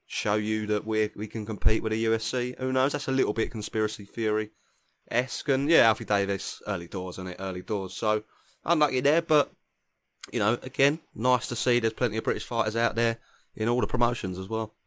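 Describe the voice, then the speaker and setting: A man co-hosting a sports podcast in relaxed, easygoing casual talk. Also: lowish voice, brisk, no echo. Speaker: podcast co-host.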